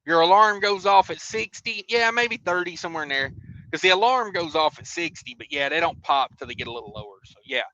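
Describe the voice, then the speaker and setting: A man's voice: high-pitched, expressive, brisk, pushed and bright, no echo, highs cut off. A man hosting a trucking livestream, reading viewer comments and rambling through stories, laughing as he goes. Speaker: trucker show host.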